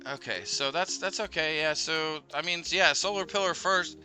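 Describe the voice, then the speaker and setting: A man streaming a video game, talking through it casually and swinging into high, panicked yelps and swearing. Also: moderate pace. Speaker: gaming streamer. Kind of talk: live game commentary. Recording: game music loud behind voice. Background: game music.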